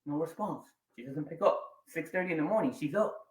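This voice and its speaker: Man telling a dramatic story in an echoey hall. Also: on the high side. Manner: dramatic pauses, swings between quiet and loud. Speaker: keynote speaker. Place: large event room or hall. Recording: echoey hall, voice a bit distant.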